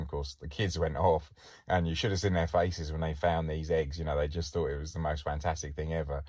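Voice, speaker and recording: A man's voice: very deep voice, steady tone, fairly quick, a little mellow, dry recording, studio quality. A middle-aged man, a podcast host and former police diver, telling stories in a chatty, wry way and often laughing. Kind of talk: casual anecdotal storytelling.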